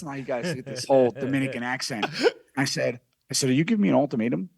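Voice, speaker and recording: A man's voice: medium pitch, fast talker, vocal fry, darkish tone, husky, no echo. A man telling a brash, profane story as a guest on a casual podcast.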